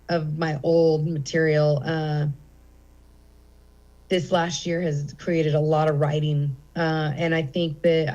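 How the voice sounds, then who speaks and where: A woman's voice: sits low, a little mellow, lo-fi sound. Candid, rambling middle-aged woman comedian. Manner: candid, rambling with many fillers. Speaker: comedian guest. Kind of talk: casual interview chat. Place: comedy theater.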